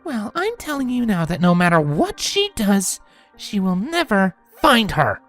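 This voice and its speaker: A woman's voice: medium pitch, big pitch swings, unhurried, faint music behind. A woman voicing a suspicious, intense young female pony mage in a fan audiobook reading. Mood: accusing. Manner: accusing, intense.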